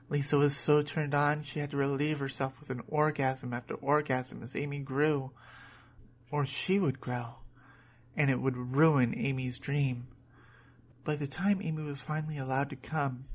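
A woman narrating an adult short story at a steady reading pace. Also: very deep voice.

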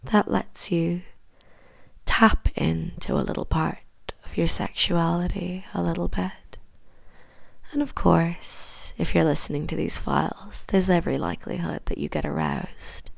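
A woman with an Irish accent giving a whispered hypnosis induction, repeating slow, soothing suggestions close to the mic. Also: on the low side, expressive, vocal fry, dry recording.

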